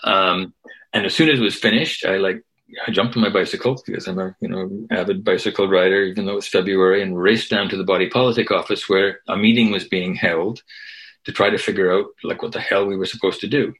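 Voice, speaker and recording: A man's voice: low voice, fairly even intonation, brisk, a bit bright, rough recording. An older man, a guest activist and historian, telling a story in a loose conversational way, often tagging his sentences with "right?". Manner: conversational, tags lines with "right?". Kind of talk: storytelling interview.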